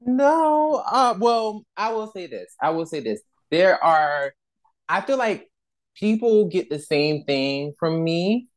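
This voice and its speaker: A man co-hosting a podcast in casual chat, animated and slangy, laughing often. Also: on the high side. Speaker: podcast co-host.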